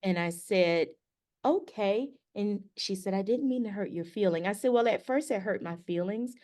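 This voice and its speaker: A woman's voice: medium pitch, normal speed, darkish tone. A middle-aged woman co-hosting a podcast, telling a story casually and acting out the dialogue with animation. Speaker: podcast co-host.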